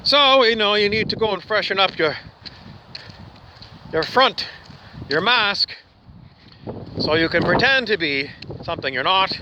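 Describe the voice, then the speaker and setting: Man, high voice, weak put-on Australian accent, rambling mock-guru comic monologue, wind noise on the mic. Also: expressive, measured pace, pauses often, dull audio. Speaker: comic host.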